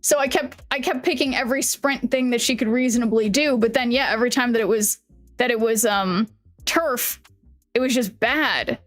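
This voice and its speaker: A woman streamer chatting casually with her viewers, rambling, restarting sentences, swearing and laughing often, her voice a little worn from yelling. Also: a little high, normal speed, soft background music. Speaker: live streamer.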